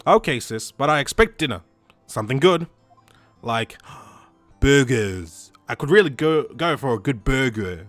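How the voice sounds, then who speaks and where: A man's voice: medium pitch, expressive, measured pace, fairly bright tone, no echo, faint music behind. A man voicing a cheerful, teasing teenage girl in a game, the playful younger sister. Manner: bouncy, teasing.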